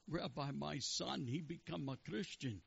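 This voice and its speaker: A man's voice: fairly high pitch, unhurried, gravelly, fairly bright tone, breathy edge, dull audio, heavily acted. A man voicing a worried, embarrassed middle-aged father in a joke, speaking in a plain accented storytelling voice.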